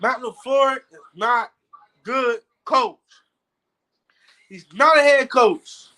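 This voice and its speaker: A man's voice: very high voice, slow, sharp tone, rough recording. A man ranting angrily as a football fan on his own video channel, cursing and stammering over his words. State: angry. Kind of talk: heated fan rant vlog.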